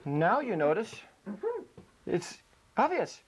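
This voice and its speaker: A man's voice: a little high, big pitch swings, unhurried. A man giving a playful comic lecture, joking while he demonstrates ventriloquism with food in his mouth.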